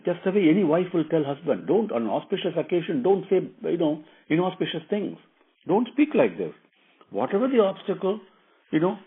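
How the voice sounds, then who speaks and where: Sita, an earnest and devoted young wife, urges her husband gently but firmly in a softly husky voice with a lilt, as a male storyteller puts her on. The sound is thin and narrow, like an old phone line. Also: a little high, pitched above the performer's own voice, exaggerated voice.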